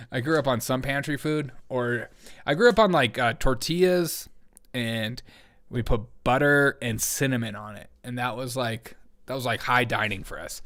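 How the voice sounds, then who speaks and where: A man's voice: mid-range voice, fairly bright tone. A man in his forties hosting a comedy commentary show, reacting to chat with jokey, sarcastic asides. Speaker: host.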